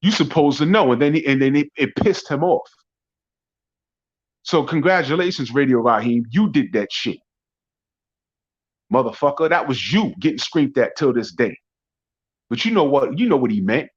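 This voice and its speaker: A man hosting a barbershop talk show, ranting profanely and mocking his critics in a rambling, loud way. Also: mid-range voice, animated, moderate pace, pauses often, slightly rough. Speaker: podcast host. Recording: dull lo-fi audio.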